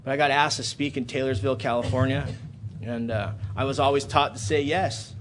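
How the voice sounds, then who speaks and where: A man in his thirties speaking at a recovery meeting in a hotel hall, telling a personal story and building to loud, animated outbursts. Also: mid-range voice, fairly quick, slight background noise. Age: 30s.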